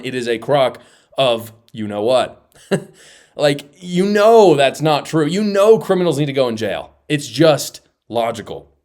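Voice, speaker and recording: Male host, mid-pitched, sarcastic and emphatic, talks to viewers directly. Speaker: political commentary host. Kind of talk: opinionated commentary.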